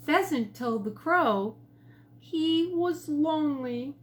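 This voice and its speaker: High-voiced woman reading a story slowly. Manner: gentle, slow and expressive storytelling. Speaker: teacher reading her own children's story. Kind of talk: reading a picture book to children. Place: home kitchen.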